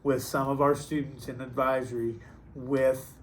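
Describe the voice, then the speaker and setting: A man's voice: medium pitch, flat delivery, slight background noise. A man who teaches and coaches, telling ghost stories from his classroom in an easygoing, playful way. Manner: easygoing and playful, drawn-out pauses. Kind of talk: casual storytelling.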